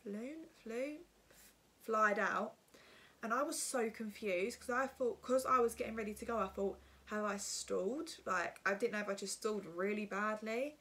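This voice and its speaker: A woman's voice: mid-range voice, fairly bright tone. Chatty young woman rambling. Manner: rambling, filler-heavy, chatty. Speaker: vlogger. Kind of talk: casual storytime.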